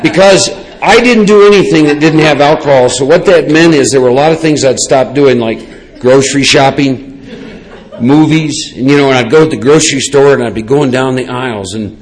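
A man, telling his personal recovery story in a rambling, lively way with many asides. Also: medium pitch, normal speed, low-quality recording. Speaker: recovery speaker. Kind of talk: personal testimony talk.

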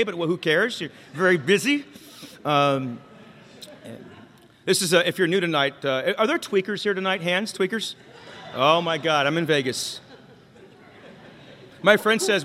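A man's voice: sits high, lively intonation, normal speed, long pauses, pushed and bright. A man speaking at a recovery meeting, telling his own story candidly with jokes and questions to the crowd. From Mexican-American. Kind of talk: personal testimony talk. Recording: long hall reverb.

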